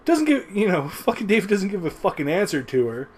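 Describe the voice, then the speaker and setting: A man with a slightly high voice talks through a rewatch review with a lot of rise and fall in his pitch. He rambles and swears freely, and stops to chuckle as he goes. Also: big pitch swings, fairly quick, few pauses, slight background noise. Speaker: show reviewer. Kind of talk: casual review commentary. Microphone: webcam recording.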